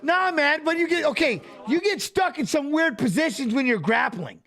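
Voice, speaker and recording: An excitable man chats casually on a live stream, joking and laughing often. His voice sits high and bounces with lively swings in pitch. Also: moderate pace. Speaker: watch-along co-host.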